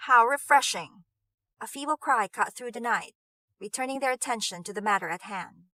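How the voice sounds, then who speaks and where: Woman, audiobook narration, measured, expressive, bright tone, dry booth. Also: a little high, no room sound. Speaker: audiobook reader.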